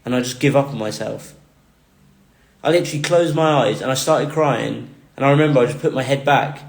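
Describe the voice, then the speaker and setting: A man's voice: medium pitch, a little fast, creaky. Earnest man telling a story, roomy echo. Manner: earnest, repetitive emphatic phrasing. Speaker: vlogger recounting a near-death experience. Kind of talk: emotional personal storytelling.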